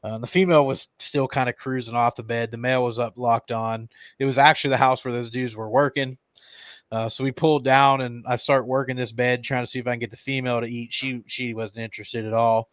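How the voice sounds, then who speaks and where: A man's voice: mid-range voice, little pitch movement, fairly quick, no room sound. A man, a tournament angler, telling a story on a podcast in a rambling way, with lots of fillers.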